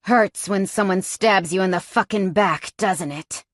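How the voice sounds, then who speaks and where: A woman voicing a sadistic, taunting male captor in an audiobook, speaking in low, slow, menacing tones. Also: dry recording, clean studio sound, natural voice.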